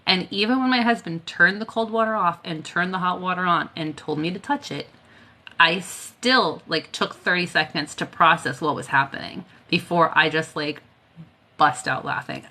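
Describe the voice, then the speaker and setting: A woman's voice: on the low side, moderate pace, pushed and bright. A tired woman chatting casually on a live stream, telling stories and laughing often. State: tired, worn out. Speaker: Reiki healer hosting a live stream.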